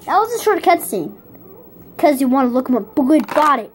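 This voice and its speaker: A child casually narrating a home-made brick film, excitable, humming dramatic sound effects and rambling with restarts. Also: high voice, a little fast, slight background noise. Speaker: young brick-film maker.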